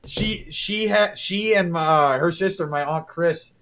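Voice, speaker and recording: A man's voice: fairly high pitch, measured pace, a bit bright, a little hiss or hum. A young man co-hosting a podcast, casually recalling childhood stories. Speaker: podcast co-host. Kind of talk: casual chat.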